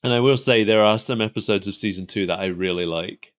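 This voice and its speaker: A man's voice: lowish voice, brisk. A man co-hosting a podcast, chatting casually about an old cartoon and laughing often. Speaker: podcast co-host. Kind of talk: casual chat reviewing a cartoon.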